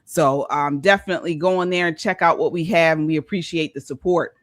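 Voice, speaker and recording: A woman's voice: deep voice, a little fast, no echo. A middle-aged woman hosting a casual commentary chat, earnest and often restarting her sentences. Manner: earnest, many restarts and repeated words. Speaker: host.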